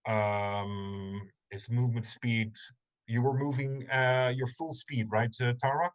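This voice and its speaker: A man running a tabletop game over a video call, mid-pitched and measured. He fills his pauses with ums as he works out distances and moves the scene along. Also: fairly even intonation. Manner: hesitant, many ums, measured. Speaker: game master.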